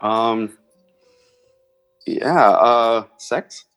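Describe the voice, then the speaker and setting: A man guesting on a podcast in casual chat, playful and quick to laugh, making hesitant guesses. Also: medium pitch, a bit bright, clear, resonant tone, faint music behind, rough recording.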